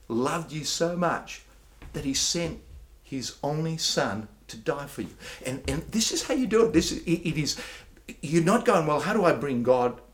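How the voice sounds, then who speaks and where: A man preaching a sermon, emphatic, often repeating words and slowing down for declarations. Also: medium pitch. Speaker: pastor.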